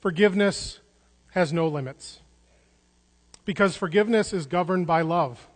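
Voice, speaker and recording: A pastor preaches earnestly in a high-pitched voice at a moderate pace, restarting words and repeating phrases for emphasis. The recording carries a long hall reverb.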